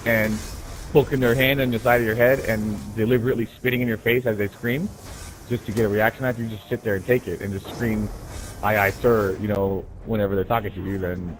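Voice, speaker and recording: A man's voice: fairly low pitch, steady tone, fast, slight background noise, rough recording. A man casually telling profane, rambling stories while gaming, often tossing in "right?". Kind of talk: casual storytelling.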